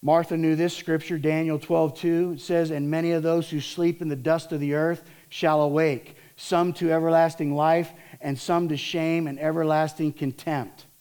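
Lively preaching pastor, a man. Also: fairly high pitch, normal speed, few pauses, smooth. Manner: lively storytelling, acts out voices of disciples and Martha. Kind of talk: sermon.

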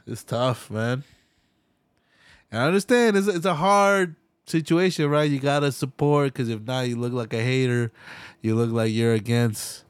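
Young male podcast host, profane and animated, mid-pitched voice, dry close mic. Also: measured pace, clear, resonant tone, no room sound. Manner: profane, animated, slangy, laughs often. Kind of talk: casual solo podcast rant.

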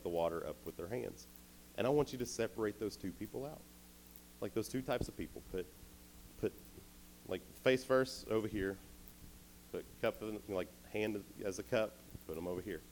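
A man voicing a calm divine figure who gives plain step-by-step orders, in a retold story from a youth sermon. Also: lowish voice, a little hiss or hum, lightly acted. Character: commanding divine voice, calm and directive.

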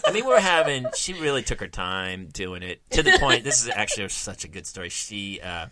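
Animated man telling a profane story. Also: fairly low pitch, brisk, crowd noise. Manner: animated, profane, acts out quotes. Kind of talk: casual storytelling chat.

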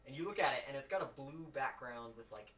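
A man's voice: medium pitch, expressive, fast. Game master, man, rambling narration, far from the mic, faint hiss. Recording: roomy, distant home mic with faint noise.

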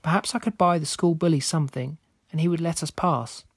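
A man reading a scripted spooky story aloud in a steady, measured way. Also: on the high side, husky, dry recording, clean studio sound. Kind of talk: scripted narration.

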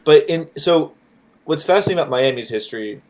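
A man's voice: on the high side, lively intonation, a little fast, darkish tone. A man from Florida, a podcast guest, talking casually in a rambling way, with lots of swearing, fillers and restarts.

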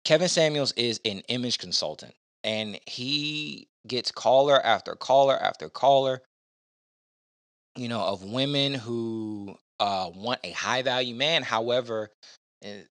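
A man's voice: medium pitch, unhurried, a bit bright, dry recording. A man hosting a casual podcast, giving blunt opinions in a rambling way with lots of fillers. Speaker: podcast host.

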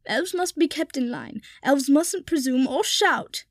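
A woman's voice: on the high side, normal speed, warm tone, no room sound, studio quality. A woman voicing a dour old male house-elf servant who speaks primly and formally about himself in the third person. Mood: distraught.

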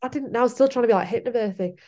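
A woman's voice: on the high side, rapid-fire, warm tone. A young woman, telling her own story in a casual interview, laughing often and acting out what she said back then. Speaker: podcast guest.

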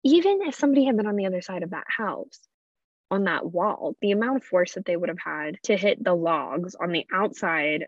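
A young woman tells her own story in a loose, chatty way, leaning on "like" as she goes. Her voice sits a little low for a woman. The recording is dry and slightly dull. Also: expressive, brisk, no room sound. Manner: chatty, many "like" fillers, quotes people in a hushed voice. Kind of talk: casual personal storytelling.

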